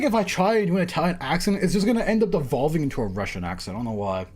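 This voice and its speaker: A man's voice: on the high side, animated, racing, few pauses, a little mellow. A man streaming a game, joking with chat and stumbling over words.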